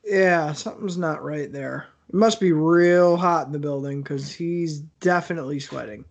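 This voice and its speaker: A man's voice: on the high side, moderate pace. A man co-hosting a podcast in laid-back, crude casual banter. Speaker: podcast co-host. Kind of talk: casual chat.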